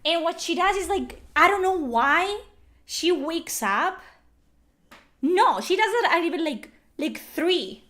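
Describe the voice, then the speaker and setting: A young woman chatting casually on a livestream, animated and swearing often, with lots of "like" fillers. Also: sits high. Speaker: streamer.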